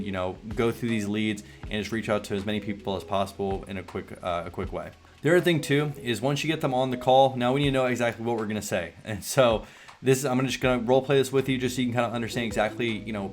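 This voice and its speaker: A man with a Southern US accent explains sales tactics in a relaxed, rambling, drawling way. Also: on the low side. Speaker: online business coach. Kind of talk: casual sales tutorial.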